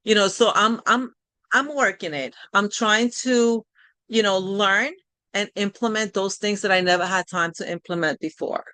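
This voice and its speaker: A woman's voice: mid-range voice, steady tone, normal speed, bright, forceful tone, no echo. A middle-aged woman hosting a live coaching session, talking in a conversational, encouraging way with frequent restarts. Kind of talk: live online workshop talk.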